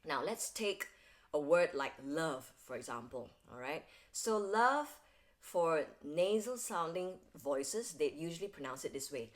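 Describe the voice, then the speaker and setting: A woman's voice: low voice, animated, unhurried. A woman singing teacher explaining vocal technique step by step, often checking in with "all right?". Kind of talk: instructional video lesson.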